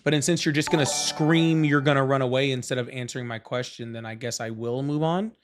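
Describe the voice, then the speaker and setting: A man's voice: medium pitch, brisk, faint music behind. A young man hosting a live political call-in stream, talking loosely and profanely with lots of fillers and restarts. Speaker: livestream host. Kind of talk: casual livestream debate with callers.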